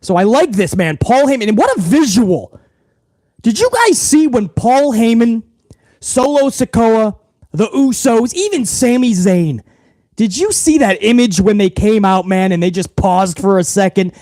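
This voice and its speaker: A man's voice: sits high, expressive, a little slow, mellow, no echo. A man hosting a wrestling livestream, talking casually and profanely straight to his viewers.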